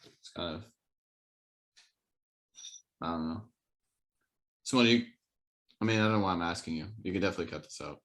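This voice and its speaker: Low-voiced, bright, rambling young man. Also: fairly quick, pauses often. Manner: rambling, hesitant, lots of fillers. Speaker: podcast co-host. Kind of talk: casual chat.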